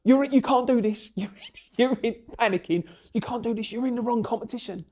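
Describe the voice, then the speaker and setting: A man putting on a brusque, pushy older male competition organiser in a raised, excited voice while telling a story. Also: brisk, slight background noise. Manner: pushy, high-pitched, excited.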